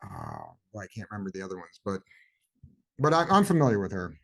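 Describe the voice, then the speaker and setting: A man's voice: low-pitched, wildly swooping pitch, brisk, creaky. A man as a podcast guest in a casual chat about upcoming movies, easygoing and chatty, rambling as he tries to remember.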